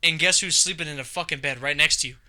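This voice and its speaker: A man's voice: on the high side, fast, rough recording. A man in his twenties on a casual podcast, telling stories with lots of swearing and acting out arguments. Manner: animated, profane, acts out quarrels. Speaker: podcast co-host. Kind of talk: casual storytelling chat.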